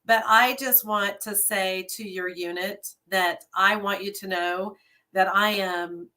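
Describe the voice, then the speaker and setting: A woman hosting a friendly chat, gushing with praise and enthusiasm. Her voice is bright and crisp at a middle pitch. She piles on one warm exclamation after another. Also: fairly even intonation, slow pace. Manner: effusive, gushing. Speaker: host. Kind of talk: casual chat.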